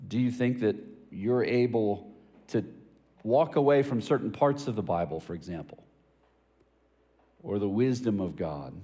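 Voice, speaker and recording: A pastor with a fairly low, mellow voice preaches in a church hall, and his words ring out with a long reverb. He swings widely in pitch as he tells casual stories with jokes, then turns to pointed, emphatic questions. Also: lively intonation, measured pace, long pauses. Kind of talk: sermon.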